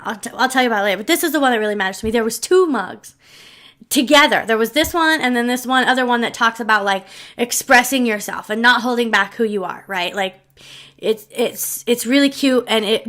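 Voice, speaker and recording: A woman's voice: on the high side, fairly bright tone. A woman vlogger telling a personal story in a rambling, heartfelt way, with many restarts and asides to her viewers. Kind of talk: casual storytelling to camera.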